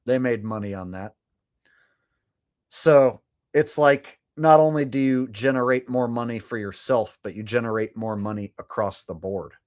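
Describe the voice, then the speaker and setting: A man's voice: medium pitch, normal speed, darkish tone. A man hosting a casual livestream, rambling and swearing as he comments and reads chat. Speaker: livestream host.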